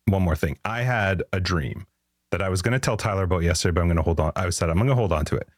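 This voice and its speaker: A man's voice: sits low, fast, no room sound, studio quality. A man hosting a podcast, telling rambling anecdotes in casual chat and laughing often. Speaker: podcast host.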